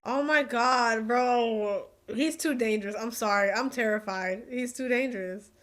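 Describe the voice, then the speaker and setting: A woman with a fairly high voice gives casual reaction commentary on a movie. She talks in an excitable way and often exclaims in alarm or disbelief. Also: unhurried.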